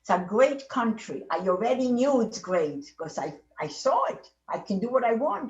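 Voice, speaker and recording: Very animated and speaking at normal speed with few pauses, a mid-range-voiced Holocaust survivor in her eighties tells her life story for an oral history in foreign-accented English. She meanders and repeats, circling back and restarting sentences; the recording is dull, echoey and distant.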